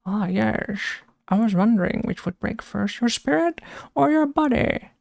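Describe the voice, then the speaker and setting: A woman's voice: fairly high pitch, animated, a little slow, vocal fry, darkish tone, no room sound, studio quality, pitched above the performer's own voice. A woman doing an impression of a hulking masked male villain, speaking muffled through her hand in a theatrical way. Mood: mocking.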